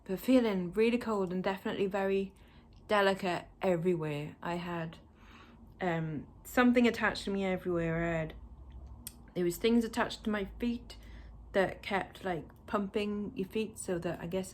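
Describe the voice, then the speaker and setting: A woman's voice: fairly low pitch, normal speed. A woman casually recounting a personal experience to camera, chatty and full of fillers, acting out the conversations she had. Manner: chatty, lots of fillers, acts out quoted exchanges. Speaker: vlogger. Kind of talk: casual storytelling vlog.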